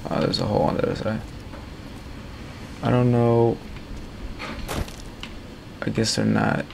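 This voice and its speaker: A man's voice: on the low side, flat delivery, measured pace, creaky, a little mellow, a little hiss or hum. A man giving casual, rambling commentary while playing a game. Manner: rambling, loose and chatty. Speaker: gaming streamer.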